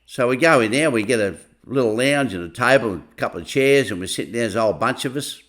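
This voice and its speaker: A man's voice: mid-range voice, animated, quick pace, a bit bright. A middle-aged man casually telling a rambling personal anecdote, full of "I said, he said.". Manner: rambling, chatty retelling full of "I said, he said". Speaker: storyteller.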